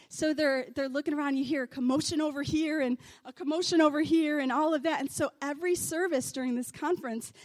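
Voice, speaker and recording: High-voiced, excitable woman preaching. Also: dry recording. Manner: excited, animated storytelling. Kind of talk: testimony sermon. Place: church stage under lights.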